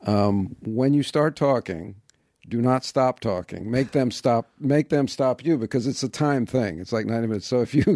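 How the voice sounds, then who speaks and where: A man's voice: mid-range voice, normal speed, a little mellow, no echo. A man as a podcast guest, talking in a reflective, self-deprecating, wry way in casual interview chat on a close mic.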